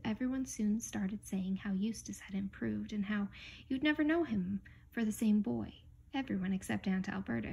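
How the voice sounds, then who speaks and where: A woman reading a children's storybook aloud in a calm, measured way, sometimes sinking into a whisper. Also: medium pitch, creaky, husky. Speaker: audiobook reader.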